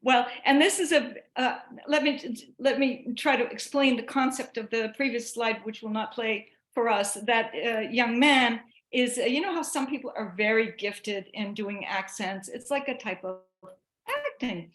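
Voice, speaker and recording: A woman giving a chatty online talk to teachers, animated and given to restarts. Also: on the high side, measured pace, reverberant. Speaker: presenter.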